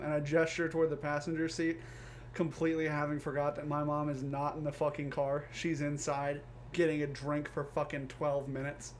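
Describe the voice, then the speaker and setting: A young man, a podcast co-host, telling a comedic story with animated delivery and swearing. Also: a little high, a little fast. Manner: animated, swearing, acts out quoted voices. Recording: faint background noise.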